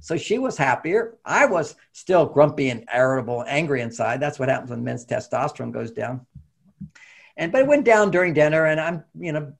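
A middle-aged man, a therapist, telling a personal story in a lively way and acting out the lines of the people in it. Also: medium pitch, vocal fry. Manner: animated storytelling, acting out quotes. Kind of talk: storytelling talk.

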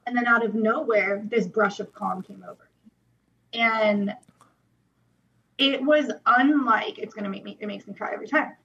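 A woman's voice: mid-range voice, normal speed, long pauses, fairly bright tone, dull audio. A young woman telling her personal testimony as a podcast guest, earnest and emotional, with many "like" fillers.

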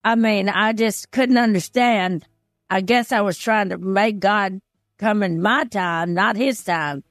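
A woman's voice: medium pitch, slow, no echo, clean studio sound. An older woman as an interview guest, telling a personal story in an earnest, heartfelt way. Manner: earnest, heartfelt, retells past conversations.

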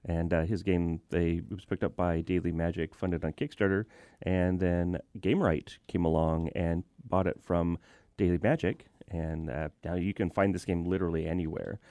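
A man co-hosting a casual podcast, easygoing and quick to laugh, explaining things in a relaxed way. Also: low-pitched, no room sound. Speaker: podcast co-host. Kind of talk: casual chat.

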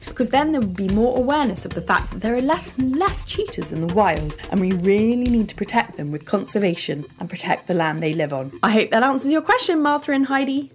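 Lively woman hosting a kids' show. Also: mid-range voice. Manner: bright, animated, explaining things slowly for kids. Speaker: children's podcast host. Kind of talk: scripted narration for children.

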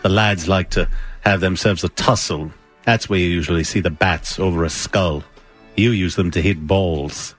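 A man's voice: low-pitched, steady tone, normal speed, faint music behind. A man playing a mocking British tabloid reporter in a put-on British accent, in a replayed comedy radio bit.

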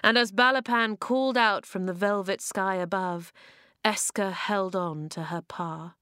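A woman reading a children's novel aloud, expressive, voicing the dialogue with big leaps in pitch and loudness. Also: measured pace, smooth, dry recording, studio quality. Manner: expressive, acts out dialogue with sharp jumps in pitch and volume. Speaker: narrator.

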